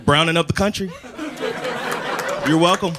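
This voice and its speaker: An American man performing a loose, conversational stand-up comedy set in a club, switching to loud shouted voices for his acted bits. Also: on the high side, moderate pace. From United States. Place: comedy club stage with a laughing audience. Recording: live club recording with audience noise.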